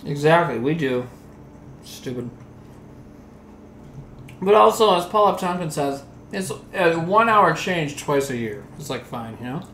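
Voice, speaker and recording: A man's voice: fairly high pitch, lively intonation, measured pace, long pauses, fairly bright tone, reverberant, slight background noise. A man casually chatting on a livestream, reading out chat and cracking crude jokes while he eats. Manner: loose, crude jokey banter while eating.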